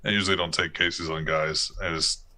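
A man's voice: sits low, flat delivery, brisk, pushed and bright, voice pushed down. A man voicing a blunt, cynical female private investigator who talks in an offhand, profane way. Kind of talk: tabletop role-play voice.

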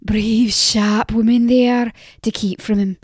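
A woman voicing a gossipy, impatient old peddler woman who talks in a loud, rustic, chattering way in an audiobook. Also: a little high, flat delivery, measured pace, no echo, clean studio sound. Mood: gossiping. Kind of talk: audiobook character voice.

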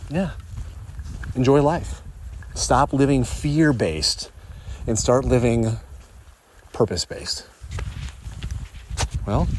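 A man's voice: mid-range voice, a little mellow, slight background noise. Earnest young man musing on a trail. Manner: earnest, thinking aloud with pauses and restarts. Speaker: life coach and vlogger. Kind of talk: reflective casual vlog. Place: outdoors on a hiking trail.

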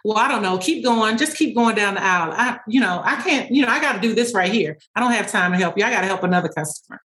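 A woman's voice: mid-range voice, expressive, fairly bright tone, roomy sound, lightly acted. Woman playing a dismissive store worker. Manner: brushing off, hurried, curt. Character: dismissive, nonchalant female grocery store worker.

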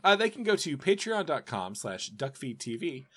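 A man's voice: mid-range voice, big pitch swings, unhurried, a bit bright. A man co-hosting a podcast in casual chat, teasing and sarcastic. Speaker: podcast co-host.

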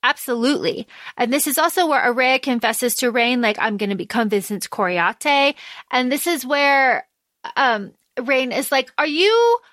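A woman co-hosting a podcast, chatting casually as she recaps a novel and quotes its characters in lively voices. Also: on the high side, moderate pace, dry recording, studio quality. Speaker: podcast co-host. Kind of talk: casual book discussion.

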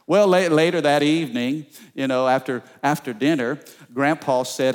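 A male pastor preaching a sermon, telling stories in an animated way and calling out to the congregation. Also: a little high, normal speed, few pauses, smooth. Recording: long church reverb.

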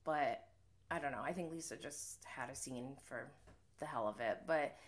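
A woman's voice: extremely low pitch, normal speed. A young woman hosting a live stream, chatting casually through a TV episode recap, laughing and using many fillers. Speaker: recap host.

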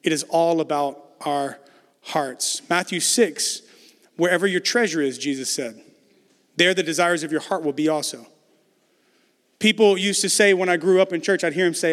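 A man's voice: on the high side, moderate pace, fairly bright tone, big-room sound. A man preaching a conversational sermon as pastor, building emphasis through repetition.

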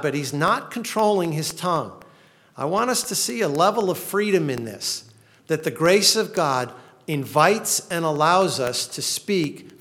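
A man's voice: on the high side, fairly bright tone. A male pastor preaching a sermon in an earnest manner, reading laments with rising passion.

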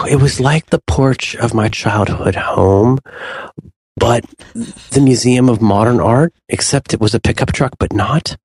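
A man co-hosting a podcast, chatting casually with animated, rambling, playful storytelling. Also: mid-range voice, measured pace, slightly rough, dry recording. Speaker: podcast co-host. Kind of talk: casual chat.

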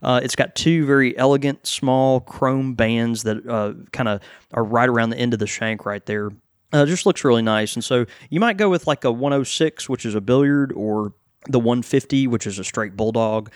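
Halting man talking pipes. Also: mid-range voice, clear, resonant tone, no echo, studio quality. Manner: halting, many fillers and restarts. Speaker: pipe shop co-host. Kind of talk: casual podcast chat.

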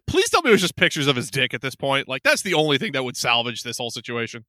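A man co-hosting a podcast, joking around with lively, quick banter. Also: mid-range voice, no room sound, clean studio sound. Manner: lively, jokey, quick to laugh. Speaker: podcast co-host. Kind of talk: casual political podcast banter.

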